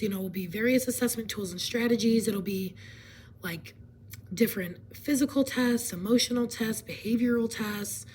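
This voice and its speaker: Hoarse from laryngitis, a woman half-whispers while casually explaining a presentation, using fillers and clearing her throat often. Her voice is a little high with a darkish tone. The low-quality recording carries slight background noise.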